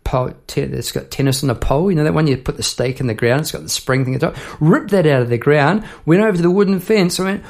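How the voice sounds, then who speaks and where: A man's voice: fairly high pitch, expressive, fast talker, creaky, hardly any pauses, darkish tone. A middle-aged man, a songwriter hosting his own podcast, chatting casually and rambling through stories with frequent restarts. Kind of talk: casual chat about songwriting.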